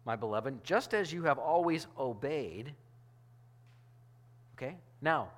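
A man's voice: a little high, lively intonation, unhurried. A male pastor delivering a sermon in a conversational, emphatic way, often restarting his phrases.

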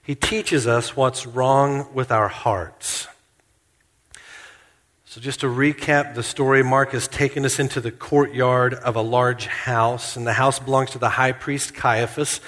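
A man preaching a sermon in a church, earnest and slowing down to stress key points. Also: medium pitch, steady tone, fairly bright tone, big-room sound. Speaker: pastor.

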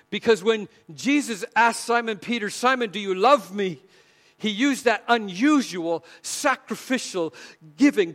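A man preaching a sermon with passion, swinging between loud emphasis and near-whispered lines. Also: high voice.

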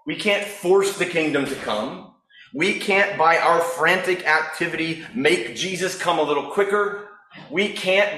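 Conversational pastor in an echoey church. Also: male voice, fairly high pitch, pushed and bright, a little hiss or hum. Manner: conversational, storytelling. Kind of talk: sermon.

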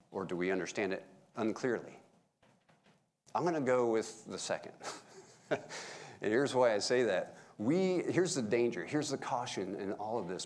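A middle-aged man giving a casual, joking sermon to his congregation. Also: on the low side. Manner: folksy, joking with the congregation, animated. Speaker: pastor. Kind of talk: conversational sermon.

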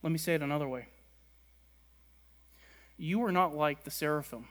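A man preaching a sermon, stressing words by repeating them and letting key lines fall quiet and low. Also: moderate pace. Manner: emphatic, repeats words for stress, drops soft at ends. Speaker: pastor.

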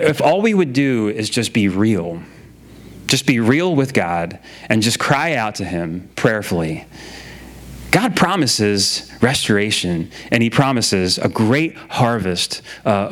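A man's voice: on the low side, sing-song, takes it slowly. A man preaching a sermon in a casual, conversational way, often repeating his phrases and using filler words. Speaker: pastor.

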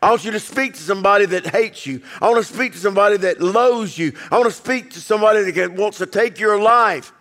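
A man preaching a sermon as pastor, emphatic, acting out quoted voices and dropping low to quiet passages. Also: quick pace, hardly any pauses, long reverb tail.

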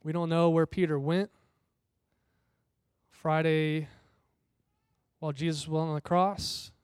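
A man's voice: fairly high pitch, flat delivery, slow pace, darkish tone, clear, resonant tone, no room sound. A male pastor preaching a sermon in a conversational, storytelling way, sometimes voicing the people in the passage.

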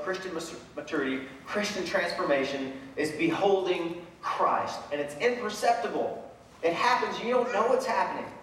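High-voiced preacher in an echoey hall. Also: male voice. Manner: animated preaching, acts out voices of Bible figures. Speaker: pastor. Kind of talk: sermon. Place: large church sanctuary. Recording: echoey church hall from far off.

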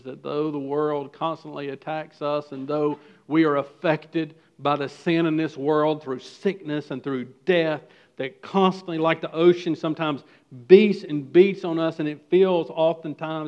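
Preaching man, loud then hushed. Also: a little high, dull audio. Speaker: pastor. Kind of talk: sermon.

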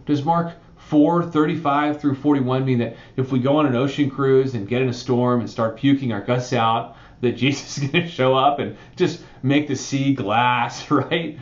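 A man's voice: mid-range voice, normal speed, muffled recording. Conversational male pastor in a roomy church. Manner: conversational, animated preaching with frequent "right?" asides. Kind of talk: sermon.

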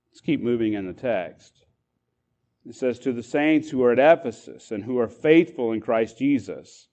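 A man's voice: mid-range voice, animated, measured pace, pauses often, darkish tone, highs cut off. A man preaching as a pastor, explaining a passage with frequent restarts and repeated words. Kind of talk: sermon.

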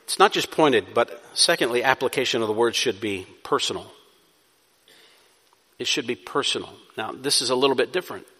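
Man, sermon, emphatic swells, conversational asides, mid pitch, reverberant sanctuary. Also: a little fast, bright, forceful tone, husky. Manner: builds to emphatic rising intensity then drops to conversational. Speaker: pastor. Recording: long reverb of a hall.

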